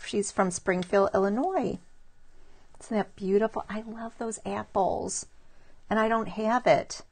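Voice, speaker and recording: A woman's voice: mid-range voice, measured pace, a little mellow. A middle-aged woman talks through a pile of handmade cards on a casual live stream. She sounds admiring and chatty, and she greets viewers by name as she goes. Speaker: stamping demonstrator showing cards to live viewers. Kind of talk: casual live craft show-and-tell.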